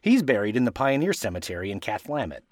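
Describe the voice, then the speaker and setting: A man from Washington state hosting a podcast, reading a script playfully and spelling out place names slowly to correct how they are said. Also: fairly low pitch, big pitch swings, no echo, clean studio sound. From Washington state, USA. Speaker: podcast host.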